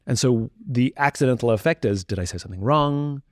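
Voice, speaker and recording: A man talking as a podcast guest, candid and self-reflective, sometimes acting out the voices of the people he quotes. His pitch sits in the middle range for a man. The sound is dry and close, with no room echo. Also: fairly quick, few pauses. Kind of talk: reflective conversational talk.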